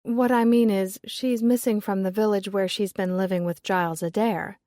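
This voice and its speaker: Woman reading as curious american lady, quick and eager, keeps probing, dry close sound. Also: mid-range voice, fairly even intonation, mellow, no echo, natural voice.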